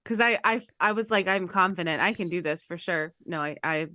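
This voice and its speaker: A woman's voice: on the low side, brisk, sharp tone, no echo, clean studio sound. A woman co-hosting a podcast in casual chat, chatty and playful. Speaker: podcast co-host.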